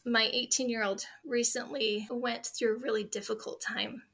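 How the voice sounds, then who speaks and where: A woman's voice: fairly high pitch, fairly even intonation, moderate pace, creaky, fairly bright tone. A woman in her forties, a guest in an interview, telling earnest, heartfelt stories about her family. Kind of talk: interview conversation.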